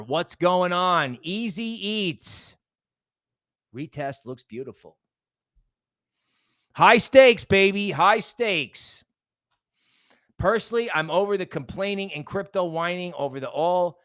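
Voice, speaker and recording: A man's voice: high-pitched, fairly bright tone, no room sound, studio quality. A man hosting a casual livestream, rambling and greeting chat members by name. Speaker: livestream host.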